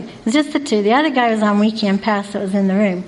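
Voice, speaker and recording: A woman who works night staff at a youth residence tells an animated personal story, acting out the people in it. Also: medium pitch, fast talker, low-quality recording. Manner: animated, conversational, acts out voices.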